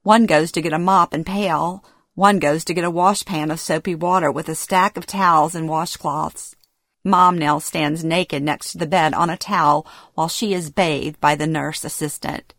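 Woman reading a memoir in a low, dry voice. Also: steady tone, moderate pace, a bit bright, dry recording. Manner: present-tense storytelling, emotional acted dialogue. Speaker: memoir narrator. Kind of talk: first-person memoir reading.

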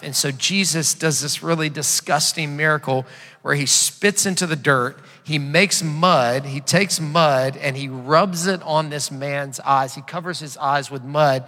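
A man's voice: on the high side, a little slow, pushed and bright. A man preaching a sermon as a pastor, retelling a story conversationally with frequent restarts. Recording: long hall reverb.

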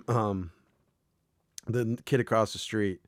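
A man's voice: on the low side, animated, slow pace, no echo, studio quality. An American man co-hosting a podcast, chatting casually in a rambling way with lots of swearing and restarts. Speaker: podcast co-host. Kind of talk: casual chat.

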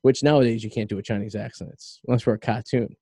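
A male radio host with a very dark, mellow voice, chatting casually and rambling through his thoughts with plenty of fillers. The sound is dry and close, with little room around it. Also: medium pitch, fairly even intonation, fast, no echo. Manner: rambling, loose, filler-heavy talk. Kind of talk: casual chat.

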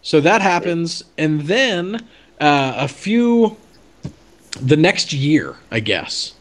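A man's voice: a little high, sing-song, slow pace. A man telling a story in a casual chat, chatty with many fillers and restarts. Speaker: podcast guest telling a story.

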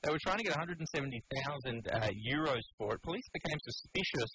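Lively joking Australian radio man. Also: a little high, fast. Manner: jokey, laughs between lines. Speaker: radio co-host. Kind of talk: comedic radio banter. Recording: loud noisy radio broadcast.

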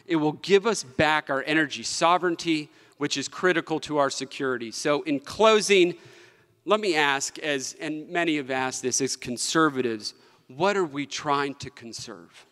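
At normal speed and on the high side, a bit bright, a man from West Virginia, the state treasurer, speaks passionately at a podium during a political conference. Emphatic repetition drives his delivery, and the large conference room lends long hall reverb.

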